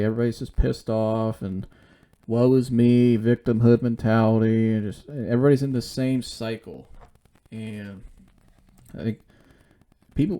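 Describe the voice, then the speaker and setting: A man's voice: medium pitch, dark tone. A man hosting his own show, talking alone in a casual, rambling and blunt way that circles back on itself. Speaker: podcast host. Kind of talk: casual solo monologue.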